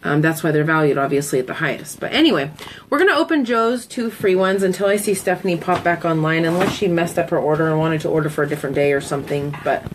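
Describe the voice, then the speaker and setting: A woman's voice: low-pitched, lively intonation, fast talker, slight background noise, low-quality recording. A talkative woman hosting a live sales stream, telling stories in a casual, chatty way. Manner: talkative, storytelling, giggly asides.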